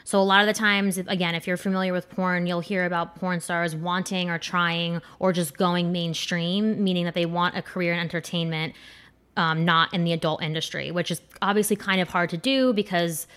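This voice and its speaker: A woman's voice: fairly low pitch, fairly even intonation, fairly quick, fairly bright tone, clear, resonant tone. A young woman giving a casual, rambling countdown commentary, crude and full of fillers like "like" and "um". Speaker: commentator ranking adult performers.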